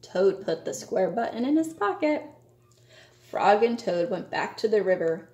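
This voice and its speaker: A woman reading a children's storybook aloud in a slow, measured way. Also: medium pitch, big pitch swings, darkish tone. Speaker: reader. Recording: echoey room.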